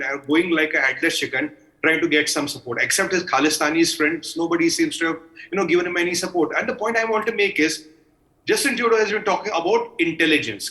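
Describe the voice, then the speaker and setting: A man's voice: a little high, sharp tone, rough recording. A man, a guest in a heated news debate over a video call, talking in a combative, sarcastic, emphatic way. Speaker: panel guest.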